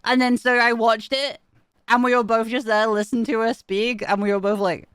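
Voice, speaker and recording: A young woman chats with her stream in a bright, smooth voice that sits a little high. Her talk is loose and giggly, with casual swearing and frequent asides to chat. The sound is close and dry, with no room around it. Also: level tone, moderate pace, no room sound.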